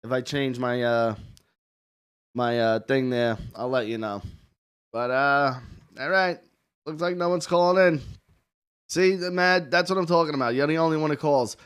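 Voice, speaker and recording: A male host of a call-in show talks in a blunt, rambling way and swears often. His voice sits at an ordinary pitch and comes through clean and resonant. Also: normal speed, long pauses, fairly bright tone, clean tone. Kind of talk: casual call-in chat. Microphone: headset or desk mic with headphones.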